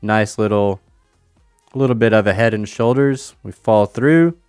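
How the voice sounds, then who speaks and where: A man's voice: on the low side, unhurried, a little mellow, clear, resonant tone, no echo, studio quality, soft background music. A man streaming casually, thinking aloud about crypto charts and a chess game, with playful banter. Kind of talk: casual livestream chat over charts and chess.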